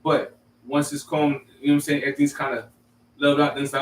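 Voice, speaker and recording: A man in a group discussion, talking in a measured, calm way as he reasons through his point. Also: a little high, distant mic, slight background noise. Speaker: discussion participant. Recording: roomy, off-mic with faint ambience.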